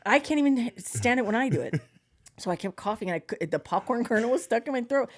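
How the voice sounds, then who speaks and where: A woman's voice: a little high, lively intonation, quick pace. A woman co-hosting a podcast in casual chat, telling stories animatedly and laughing often. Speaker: podcast co-host.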